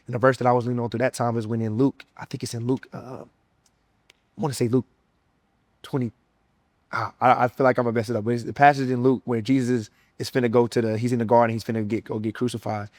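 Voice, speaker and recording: A young man with a Southern US accent tells his faith testimony in an earnest, emotional way, with easy casual slang. His voice sits at an ordinary middle pitch. The recording is close and dry, with no room echo. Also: level tone, fast, a little mellow. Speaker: former college football player sharing his testimony. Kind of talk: personal testimony.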